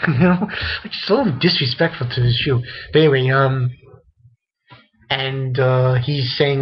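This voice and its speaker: A man speaking at a measured pace in a medium-pitched voice offers an anime reviewer's offhand episode summary. It wanders, it's crammed with fillers and swear words, and the lo-fi audio sounds dull.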